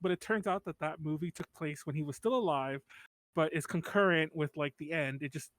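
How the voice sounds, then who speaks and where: A man's voice: a little high, brisk, fairly bright tone, no room sound. A man co-hosting a podcast in casual chat, rambling, swearing and laughing often. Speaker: podcast co-host.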